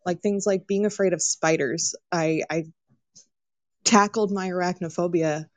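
A woman's voice: on the low side, fairly even intonation, measured pace, dry recording. A woman guest in casual chat, frank and candid, with the odd curse word. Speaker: podcast guest.

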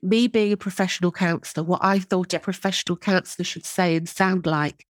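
A woman's voice: on the low side, fairly even intonation, brisk, dry recording. A woman who works as a counselor, hosting a podcast interview and chatting casually with plenty of "I mean" hedges. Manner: hedging, conversational, "I mean".

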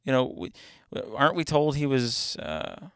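A man's voice: medium pitch, big pitch swings, a little slow, a bit bright, clean tone, no room sound, clean studio sound. A man co-hosting a podcast in casual chat, talking emphatically and asking pointed questions. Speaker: podcast co-host.

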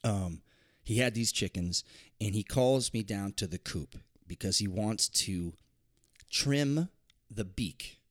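A man chatting casually as a podcast co-host, telling a story in a relaxed, conversational way. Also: on the low side, slow. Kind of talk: casual chat.

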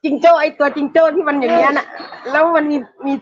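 A woman's voice: sits high, steady tone, rapid-fire, lo-fi sound. A woman of about forty with a Thai accent, giggling and chatting half in English, half in Thai. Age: 40s. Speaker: bar hostess.

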